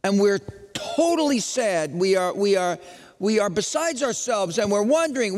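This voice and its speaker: A man preaching an Easter sermon as pastor, dramatic, moving from loud questions to hushed lines. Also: high voice, expressive, moderate pace, big-room sound.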